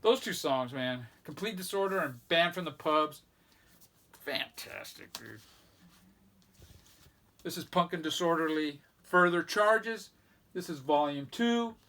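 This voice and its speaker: A man with a slightly raised pitch talks through a stack of records in a loose, casual way. He rambles a bit and lists band after band with plain enthusiasm, like he's showing a friend his collection. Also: animated, moderate pace, few pauses, a bit bright. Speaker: record collector vlog host. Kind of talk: casual record show-and-tell.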